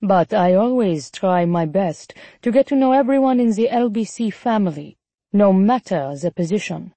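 Woman playing older french-accented male executive, suave, unhurried, charming, dry close sound. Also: mid-range voice, lively intonation, mellow, no room sound.

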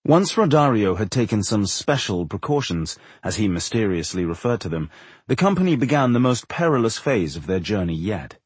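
A man reading a fantasy audiobook in expressive, measured storytelling on a close studio mic. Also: lowish voice, husky, no room sound. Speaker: audiobook narrator. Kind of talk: scripted fantasy narration.

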